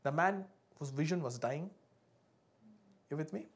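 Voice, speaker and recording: A woman's voice: low-pitched, lively intonation, unhurried. A woman preaching a sermon with call and response, fervent and building, breaking into speaking in tongues.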